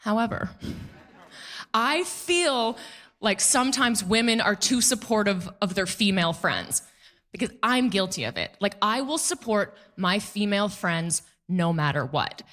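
A woman's voice: mid-range voice, big pitch swings, unhurried, fairly bright tone. A woman performing a stand-up comedy set, chatty and sarcastic, often laughing at her own jokes. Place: comedy club stage before a live audience.

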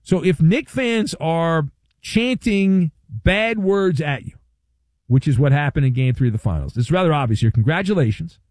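Sports radio guy riffing, wry and hammy, pitch swinging all over, dry close mic. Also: lively intonation, moderate pace, a little mellow, no room sound. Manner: wry, playful, hammy emphasis. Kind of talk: animated sports talk radio monologue.

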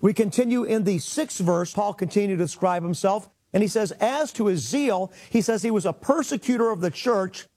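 A man's voice: high-pitched, moderate pace, few pauses, darkish tone. A man teaching a sermon, reading scripture aloud and explaining it with earnest emphasis. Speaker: rabbi and Bible teacher.

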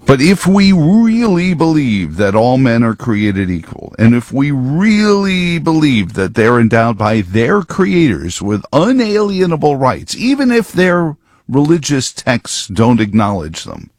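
A man's voice: mid-range voice, big pitch swings, measured pace, a little mellow, dry recording. A man giving rambling, sarcastic political commentary full of wordplay.

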